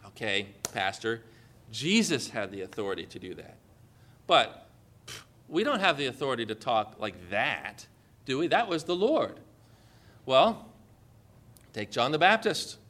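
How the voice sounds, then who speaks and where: Bright, high-voiced man preaching boldly. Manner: bold, emphatic preaching with sarcastic asides. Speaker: pastor. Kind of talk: sermon.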